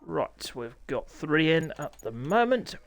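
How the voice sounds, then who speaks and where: A man commentating a sim motorbike race live, excitable, jokey and self-mocking, his voice a little hoarse. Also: fairly high pitch, slow, slight background noise. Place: small home room called a commentary box.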